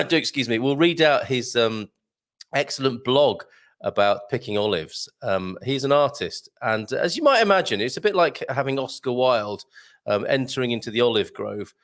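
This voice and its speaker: A man's voice: medium pitch, fairly bright tone. Male host, chatty and jokey, reads viewer comments on air. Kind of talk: live show chat reading viewer comments.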